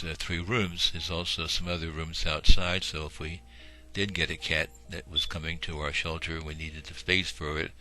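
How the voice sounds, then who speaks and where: A man with a very low, deep voice narrates a home video in a folksy, rambling manner, filling gaps with small fillers. Music plays steadily behind the voice. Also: bright, forceful tone. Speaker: shelter volunteer and video narrator.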